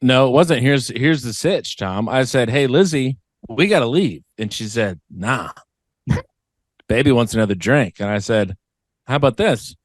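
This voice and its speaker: A young man co-hosting a casual late-night podcast, joking and swearing, now and then breaking into squeaky silly voices. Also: expressive, moderate pace, no echo. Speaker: podcast co-host.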